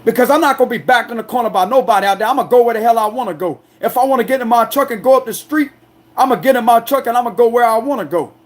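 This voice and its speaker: A man with a high-pitched voice speaking in a fierce, confrontational monologue. He talks with loud aggression and defiance, pressing his points over and over. The delivery is a raw, unscripted rant. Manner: defiant, confrontational, repeats "you understand me". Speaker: astrology tarot reader. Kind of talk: angry ranting monologue.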